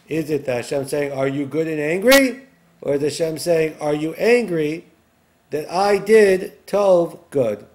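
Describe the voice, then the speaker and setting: A man's voice: fairly high pitch, dark tone. A man teaching a Bible lesson who reads each Hebrew verse aloud and then translates and explains it line by line. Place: recorded for an online class video.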